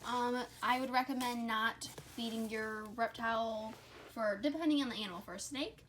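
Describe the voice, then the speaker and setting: Indoors at her home, a woman who vlogs about keeping reptiles records a rambling how-to on her phone camera, full of "um"s and self-corrections. Her voice is on the high side and fairly bright, at normal speed, with a little hiss or hum audible.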